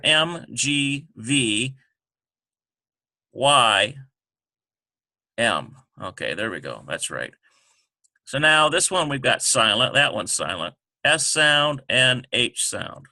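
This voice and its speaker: A man teaching a lesson over a screen recording, talking haltingly with many ums and self-corrections. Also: mid-range voice, animated, sharp tone, dry recording.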